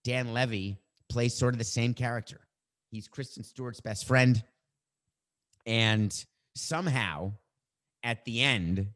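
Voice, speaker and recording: A man's voice: mid-range voice, a bit bright. Wry, emphatic middle-aged man hosting. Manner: emphatic, wry, stretches words for effect. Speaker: sports podcast host. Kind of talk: opinionated monologue.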